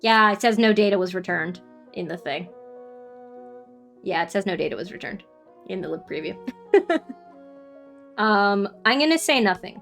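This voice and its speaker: A woman's voice: medium pitch, expressive, moderate pace, creaky, pauses often, fairly bright tone, soft background music. Chatty woman streaming a game. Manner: chatty, giggly, trails off and restarts. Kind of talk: casual chat while streaming a game.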